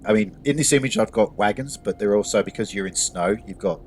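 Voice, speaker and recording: A man's voice: lowish voice, a little fast, darkish tone, a little hiss or hum. A man narrating as game master in a tabletop game, rambling with many restarts.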